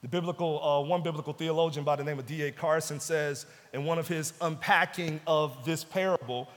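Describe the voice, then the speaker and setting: A man pastor preaching a sermon with emphasis, repeating key phrases and dropping to hushed tones. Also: a little high, fairly even intonation, fairly quick. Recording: long hall reverb.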